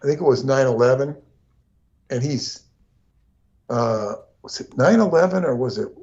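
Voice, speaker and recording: A man's voice: medium pitch, lively intonation, normal speed, darkish tone, highs cut off. A man co-hosting a casual livestream conversation, rambling along with frequent restarts and asides. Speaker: co-host.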